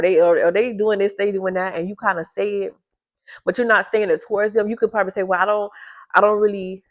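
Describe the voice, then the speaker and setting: A woman vlogger reads to her viewers in casual direct-to-camera talk, keeping her voice low at first because a baby is sleeping nearby. She repeats herself for emphasis and her pitch shoots up when she gets worked up. The lo-fi recording sounds slightly dull.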